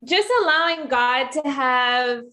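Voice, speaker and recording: A woman on a podcast speaking earnestly in casual, reflective chat, halting a little and using fillers like "um". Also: high-pitched, pushed and bright.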